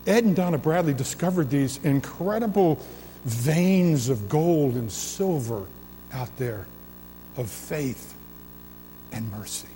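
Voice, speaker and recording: A man's voice: on the high side, expressive, takes it slowly, warm tone, slight background noise. A man preaching a sermon in a church sanctuary, building emphasis through repeated, swelling phrases. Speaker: pastor. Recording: long reverb of a large hall.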